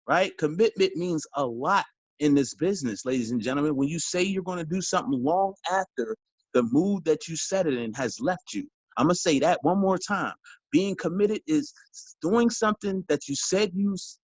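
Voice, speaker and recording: Speaking in a high register with no echo, a man coaches a sales team in a motivational training talk. He's emphatic and preachy, repeats his key lines, and addresses his listeners as y'all. The audio is dull, dry, and lo-fi.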